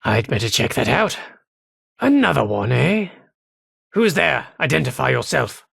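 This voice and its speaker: An actor playing a gruff British soldier loyal to the Queen in a game, barking military commands. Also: medium pitch, big pitch swings, a little slow, fairly bright tone, dry recording, clean studio sound, full character voice. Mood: menacing. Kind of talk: game voice lines.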